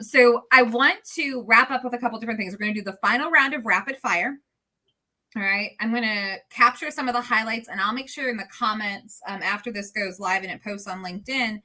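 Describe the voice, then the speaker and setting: A woman's voice: medium pitch, sharp tone. A woman hosting a casual video-call livestream, friendly and chatty. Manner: friendly, chatty, laughs easily. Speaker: livestream host.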